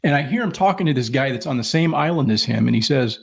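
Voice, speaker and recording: A middle-aged man with a gravelly, husky voice tells long, rambling stories in casual chat. He swears freely and acts out the people he quotes. His pitch sits in an ordinary middle range. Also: animated, quick pace, hardly any pauses. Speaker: podcast co-host.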